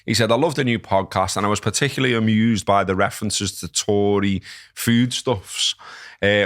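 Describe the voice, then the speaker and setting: A man in his thirties with a Liverpool accent, co-hosting a podcast in relaxed, sweary casual chat. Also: fairly low pitch, no echo, studio quality. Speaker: podcast co-host. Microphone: podcast microphone.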